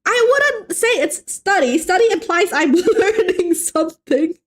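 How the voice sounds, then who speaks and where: In an unhurried, very high-pitched voice, a young woman art streamer chats casually with viewers while drawing. Playful and animated, she jokes with chat and frequently starts her sentences over.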